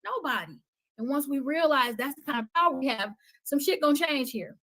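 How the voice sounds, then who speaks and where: A middle-aged woman, a podcast guest, speaking with passion and conviction, often dropping to a soft, intense tone. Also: high-pitched, fairly quick. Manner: impassioned, preachy, drops to soft intensity. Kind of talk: passionate conversational talk.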